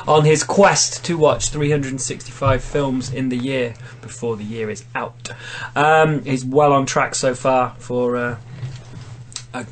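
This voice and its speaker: A man's voice: medium pitch, slight background noise. A man hosting a casual podcast, reading a silly story aloud and laughing often. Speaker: podcast host.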